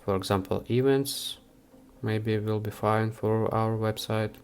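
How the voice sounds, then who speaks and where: A man hosting a software how-to, talking the viewer through each step with frequent hesitations. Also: lowish voice, fairly even intonation, clean tone, soft background music. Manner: unhurried, with frequent "uh" fillers. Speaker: software tutorial host. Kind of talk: screen-recorded how-to walkthrough.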